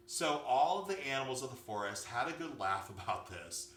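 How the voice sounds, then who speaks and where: A man tells a story for children in an animated, expressive way. His voice is bright and swoops through a lively range. He sits far from the mic in an echoey room with a faint hum behind. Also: mid-range voice, moderate pace. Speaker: yoga teacher.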